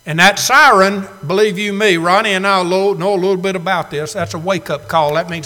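Male preacher, high bright voice, slow deliberate delivery, big church echo. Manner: dramatic swings from loud to hushed, slow emphatic phrasing. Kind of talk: sermon. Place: church sanctuary. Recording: long hall reverb.

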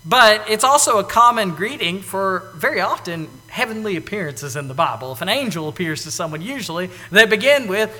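A man delivering a sermon, his pitch rising and falling in wide, animated sweeps. His tone is bright and forward, and he acts out the lines he quotes. A long reverb hangs on his voice, as in a large hall. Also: brisk, few pauses. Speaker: preacher.

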